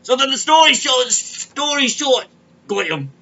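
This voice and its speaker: A man with a strikingly high, bright voice and a gravelly rasp underneath. He hosts a comedic crypto monologue and rambles through complaints in a kvetching way. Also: sing-song, unhurried, lo-fi sound. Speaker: podcast host.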